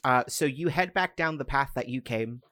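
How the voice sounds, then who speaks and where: A man's voice: mid-range voice, normal speed, sharp tone, no room sound. Guy running a tabletop game, laid back narration, lots of uhs. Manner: casual narration full of uh fillers. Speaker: game master.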